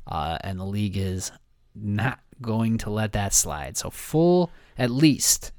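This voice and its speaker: A man's voice: fairly low pitch, lively intonation, slow pace, a little mellow, dry recording, studio quality. A man co-hosting a casual sports podcast, easygoing and often repeating words as he thinks aloud. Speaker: podcast co-host.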